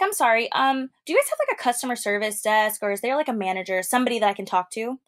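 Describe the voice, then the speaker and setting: A woman co-hosting a podcast tells a story in a casual, animated way, speaking quickly with few pauses. She acts out quotes with big jumps in pitch.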